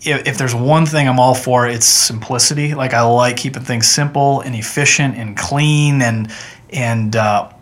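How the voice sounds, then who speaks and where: A man's voice: mid-range voice, fairly even intonation, normal speed. A man, a chiropractor, talking earnestly and chattily as a guest in a casual podcast interview. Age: adult with children. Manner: earnest, chatty, with frequent restarts.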